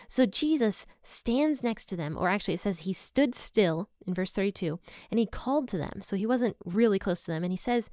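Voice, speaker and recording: A woman's voice: medium pitch, animated, moderate pace, a little mellow, no room sound, studio quality. A woman teaching from the Bible in a casual, personal, earnest way. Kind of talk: casual devotional talk.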